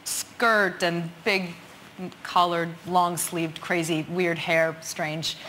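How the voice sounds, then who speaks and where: A woman's voice: lowish voice, fairly even intonation, extremely slow, fairly bright tone, slight background noise. A woman, an actress guest, earnestly recounting an audition on a chat show. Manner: earnest, searching for words.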